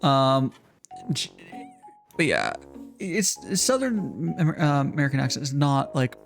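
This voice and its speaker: A man's voice: medium pitch, sing-song, a little slow, vocal fry, faint music behind. A man hosting a casual chat, rambling and hesitant, often trailing off mid-thought. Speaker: host.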